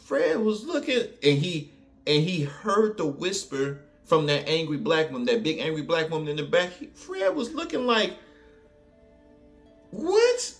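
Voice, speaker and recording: A man's voice: on the high side, moderate pace, soft background music. A man with a New Orleans accent telling a story in a casual, colloquial way, full of fillers and asides. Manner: animated, colloquial, many fillers.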